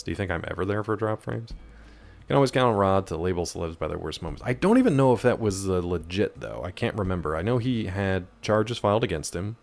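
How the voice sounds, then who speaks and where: A young man chatting casually on a live stream, answering chat and hopping between topics while he plays. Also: fairly low pitch. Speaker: game streamer.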